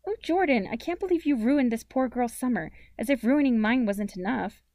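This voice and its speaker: A woman's voice: on the high side, lively intonation, moderate pace, a little mellow, no room sound, pitched above the performer's own voice. A woman voicing a sarcastic, wistful teenage girl in a storybook reading. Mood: wry.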